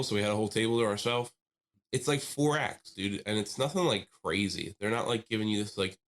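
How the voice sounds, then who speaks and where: Animated man telling a story on a podcast. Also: medium pitch. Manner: animated storyteller, laughs while telling, mimics people he quotes. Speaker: podcast co-host. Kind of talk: casual storytelling chat.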